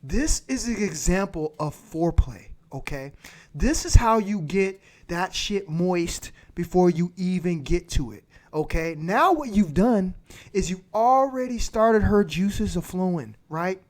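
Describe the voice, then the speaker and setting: A man's voice: high-pitched, darkish tone. Crude ranting male livestream host. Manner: blunt, crude, repeats points for emphasis. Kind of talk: profane advice rant.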